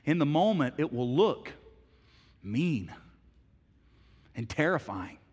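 A middle-aged man preaching to his congregation, his voice sitting a little high for a man. He shifts from quiet, intimate lines to loud, emphatic bursts. Long reverb from a large hall trails each phrase. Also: sing-song, slow, husky. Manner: storytelling, swings from hushed to loud and emphatic. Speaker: pastor. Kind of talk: sermon.

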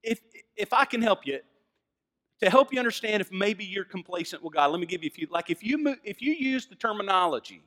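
A man with a Southern American accent preaching a sermon, moving from hushed lines to loud, fervent emphasis. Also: high voice. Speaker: pastor.

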